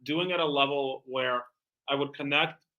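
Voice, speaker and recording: A man who is a guest in an interview, a tailor and entrepreneur telling sales anecdotes in a lively way, full of "like" and "you know". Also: mid-range voice, normal speed, lo-fi sound. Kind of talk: animated storytelling in conversation.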